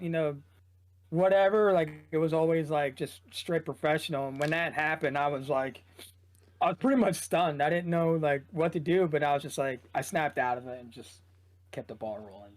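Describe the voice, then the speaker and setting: A man, an esports shoutcaster, chatting casually as a guest in a loose, rambling way full of "like". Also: a little high, normal speed. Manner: loose, rambling, heavy use of "like". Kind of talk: casual podcast chat.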